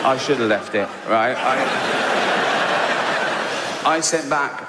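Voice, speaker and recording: A middle-aged man with an English accent doing a stand-up comedy routine, telling a story with sarcastic, incredulous mock outrage and squeaky asides. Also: expressive, extremely slow, pauses often, heavy background noise. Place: large theatre stage. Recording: live theatre with long reverb and audience.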